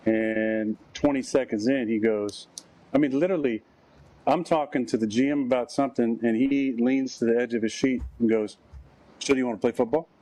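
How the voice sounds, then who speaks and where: A man's voice: medium pitch, normal speed, dark tone, low-quality recording. Man wryly recounting a story. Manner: wry, acting out quoted dialogue. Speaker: football player telling a story on a show. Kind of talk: anecdotal storytelling.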